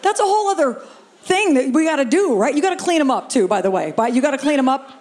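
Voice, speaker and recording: High-voiced brash female stand-up comic. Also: big pitch swings, fast talker, darkish tone. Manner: brash, playful, swears freely, banters with audience. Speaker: stand-up comedian. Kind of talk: stand-up set, crowd work. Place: live comedy venue with audience.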